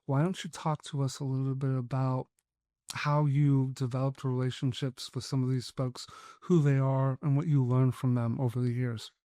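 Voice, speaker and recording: A man's voice: medium pitch, flat delivery, moderate pace, warm tone, dry recording. A man hosting a podcast, talking casually and loosely with lots of filler words. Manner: loose, full of fillers like "like" and "you know". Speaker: podcast host. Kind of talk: casual interview talk.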